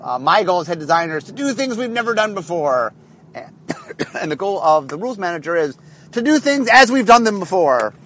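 A man's voice: sits high, very animated, a little fast, a bit bright. A man, a head designer, talking in a rambling casual monologue with many fillers and restarts, recorded in a car.

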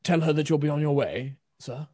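A man's voice: a little high, fairly quick, warm tone, breathy edge, no room sound, pitched above the performer's own voice. A man voicing a deferential female household servant in a tabletop game.

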